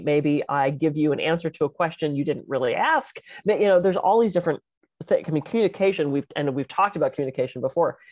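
A middle-aged woman co-hosting a podcast, chatting casually as an animated, expressive storyteller. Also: deep voice, no echo. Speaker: podcast co-host and public speaker. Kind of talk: casual conversational chat.

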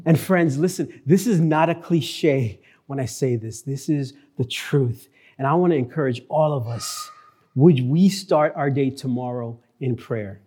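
A male pastor preaching a sermon in church, earnest, repeating key phrases and slowing down for emphasis. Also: medium pitch, dark tone, husky.

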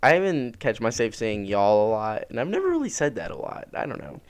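A man's voice: mid-range voice, wildly swooping pitch. A young man from North Carolina with a light North Carolina accent, co-hosting a casual podcast, often repeating himself as he talks. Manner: halting, repeats his words. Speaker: podcast co-host. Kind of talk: casual chat.

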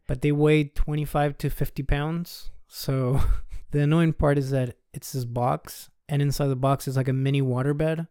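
Mellow-voiced male podcast host. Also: medium pitch, clean tone, no room sound, clean studio sound. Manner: loose and conversational, chuckling as he tells it. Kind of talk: casual storytelling monologue.

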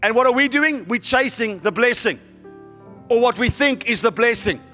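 Male pastor, very high voice, bright and forceful, fervent sermon, faint music behind. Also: expressive, normal speed, long reverb tail. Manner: preaching with rising fervor and congregation callouts.

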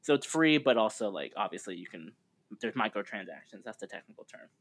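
A man's voice: fairly low pitch, big pitch swings, brisk, a bit bright. A man co-hosting a podcast, chatting casually in a rambling, laid-back way with frequent fillers. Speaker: podcast co-host. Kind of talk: casual chat.

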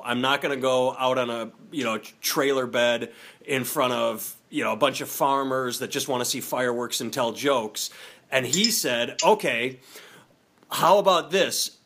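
A man's voice: mid-range voice, fairly bright tone. A man co-hosting a casual comedy podcast, telling a rambling story with frequent restarts and laughter.

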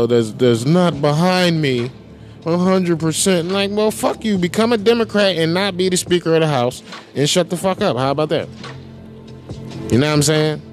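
A man's voice: fairly low pitch, a little mellow. A man hosting a podcast in a casual political rant, profane, emphatic and rambling. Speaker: podcast host.

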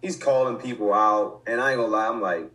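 A man's voice: lowish voice, fairly quick, a bit bright, low-quality recording. A man in his twenties, a football coach, speaking casually as an interview guest, with many restarts and fillers. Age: 20s. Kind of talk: casual conversation.

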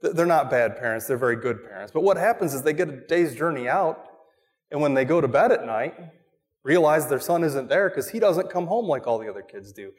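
A man preaching a sermon as a pastor, animated, asking the congregation questions and acting out quoted voices. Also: a little high, fairly quick, long reverb tail. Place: church.

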